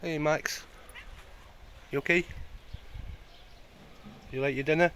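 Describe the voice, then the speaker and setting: A man's voice: a little high, fairly even intonation, slow pace, fairly bright tone, slight background noise. A man filming his rescue cats, talking to them in a coaxing, affectionate way. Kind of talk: casual talk to animals.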